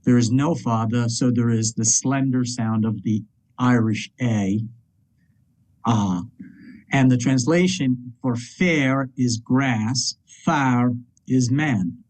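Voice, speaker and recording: Slow, careful man explaining pronunciation. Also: medium pitch, darkish tone, rough recording. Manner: careful, deliberate, spells out sounds. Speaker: student presenter.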